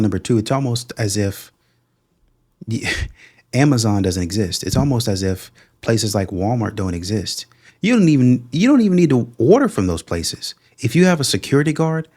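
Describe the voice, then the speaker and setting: A man's voice: fairly low pitch, darkish tone. A man hosting a reaction video, mocking the clips he plays with sarcastic, scornful commentary. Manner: sarcastic, scornful, puts on mocking quoted voices.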